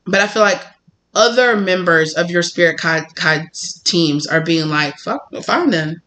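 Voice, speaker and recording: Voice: mid-range voice, fairly even intonation, unhurried, sharp tone. A tarot reader giving a casual spoken reading, rambling and chatty and acting out little scenes along the way. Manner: swears freely.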